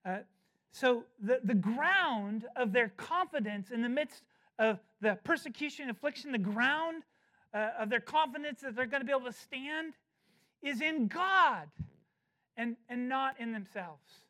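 Preacher for a verse-by-verse sermon: emphatic, slows to lean on key words, restarts with repeated words. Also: medium pitch, lively intonation, bright, forceful tone. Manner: emphatic, slowing down to stress key phrases. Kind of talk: expository sermon.

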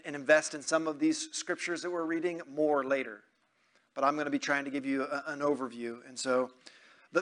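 High, bright-voiced man preaching. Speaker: pastor. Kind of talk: sermon.

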